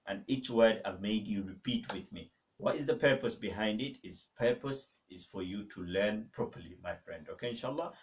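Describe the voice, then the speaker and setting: A man teaching an online Arabic lesson, drilling words slowly with students and urging them to practise. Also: on the low side. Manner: emphatic, exhorting. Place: mosque teaching room. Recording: voice a little far from the mic.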